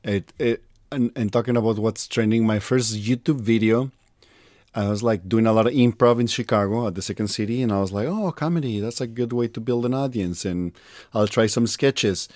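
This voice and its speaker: A man hosting a podcast, telling animated anecdotes and laughing at himself in casual conversation. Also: on the low side, brisk, dry recording. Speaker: podcast host.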